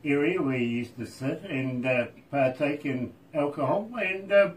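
A man's voice: medium pitch, measured pace, far from the mic, low-quality recording. A man hosting a radio interview, chatting casually and joking, laughing often, in a radio studio. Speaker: radio host.

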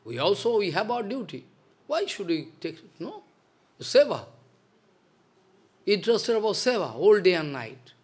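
A man's voice: high-pitched, very animated, measured pace, long pauses, a little mellow, husky. A man, a spiritual teacher giving a devotional lecture in a stern, scolding manner, repeating his points. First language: Bengali.

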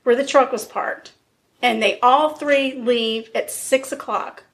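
A woman co-hosting a podcast casually tells a true crime story, acting out what the people involved said, fillers and all. Her voice is fairly high and she speaks slowly.

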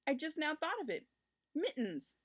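A woman's voice: high voice, sing-song, normal speed, pitched above the performer's own voice. A woman reading a storybook aloud, voicing an eager, earnest little boy of almost six who begs his mother. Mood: excited. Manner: pleading, earnest.

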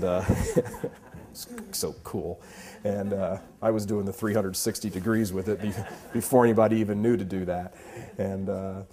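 Low and mellow, a fifties-aged man's voice delivers a Catholic talk rich in stories. He preaches emphatically and with passion, weaving anecdotes throughout.

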